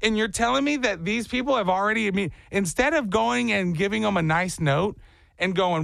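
A man's voice: sits high, brisk, gravelly, a bit bright, no echo. A man hosting a comedy talk show, riffing animatedly and slipping into silly put-on voices. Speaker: radio show host. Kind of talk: comedic radio banter.

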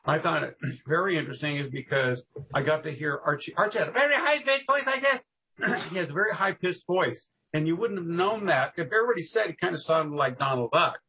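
A man spinning old stories with gusto, leaping into voices and laughing along. His voice is a touch higher than most men's and has a husky edge. He pushes his words out with force. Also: brisk, few pauses, sharp tone, rough recording. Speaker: guest storyteller on local history. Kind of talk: casual podcast storytelling.

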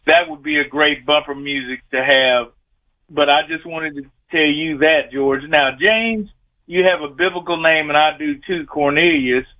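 A man's voice: on the high side, fairly even intonation, moderate pace. A man in his sixties calling in to a radio show, folksy and rambling as he chats. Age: 60s. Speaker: caller. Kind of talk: call-in radio chat. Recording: tinny phone line.

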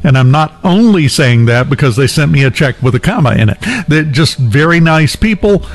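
A man's voice: fairly high pitch, expressive, normal speed. A man hosting a morning talk show, telling a long personal anecdote in a casual, chatty way with many fillers and restarts. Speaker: radio show host.

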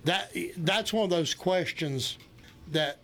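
A man's voice: high voice, slow pace, a bit bright. A man hosting an outdoor radio show, folksy and easygoing. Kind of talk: casual radio chat.

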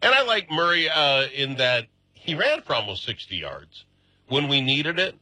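A middle-aged man hosts a chatty sports radio segment. His voice is very bright with a husky edge, heard close and dry. He gets excitable, and his pitch jumps when he is animated. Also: moderate pace, no echo, poor audio. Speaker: radio host. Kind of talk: casual sports talk.

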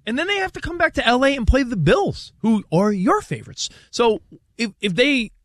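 A man co-hosting a sports talk show, excitedly walking through a team's schedule in casual debate. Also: extremely high pitch, normal speed, no echo.

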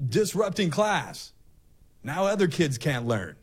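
A man's voice: on the high side, very animated, takes it slowly, husky. A male talk show host delivering an impassioned, ranting opinion monologue, often repeating himself.

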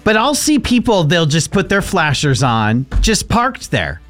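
A man co-hosts a radio show in casual banter, his voice fairly high and swinging widely in pitch. He winds himself up into exasperated rants. Soft music plays faintly underneath. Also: unhurried. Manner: animated, rising to exasperated rants.

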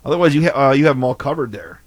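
A man's voice: medium pitch, lively intonation, rapid-fire, husky, no room sound. Chatty joking radio host man. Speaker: radio morning show host. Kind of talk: casual radio banter.

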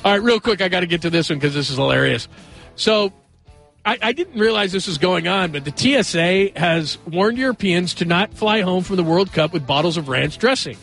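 A man's voice: sits high, lively intonation, fairly quick, vocal fry, fairly bright tone, soft background music. A man hosting a sports radio show, chatting casually and rambling a little as he moves from one story to the next. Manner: chatty, rambling, eager to joke around.

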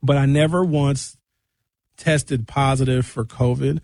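A man hosting a radio show in casual chat, talking in animated, rambling comic riffs from a studio microphone. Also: medium pitch, a little slow, no echo.

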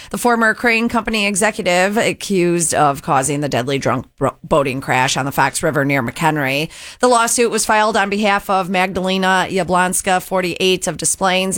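A woman co-hosting a radio show, reading a brisk news and sports update. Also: on the low side, no echo. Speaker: radio news reader and co-host.

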